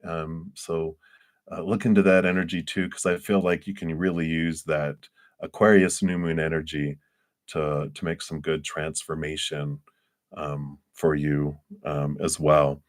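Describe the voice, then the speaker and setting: A man with a very low voice reads tarot cards for viewers on a livestream. He wanders through his thoughts, hunting for the right words. He signs off with gentle, affectionate wishes. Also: little pitch movement, a little slow. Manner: meandering, searching for words; gentle, affectionate sign-offs. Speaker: tarot reader.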